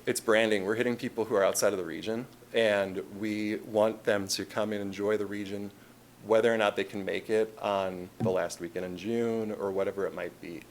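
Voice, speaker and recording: There's slight background noise as a man with a fairly low, steady voice speaks at normal speed in a council meeting chamber. He has a Chicago accent and presents a tourism marketing plan to the city council in a casual, chatty way, often restarting and using fillers.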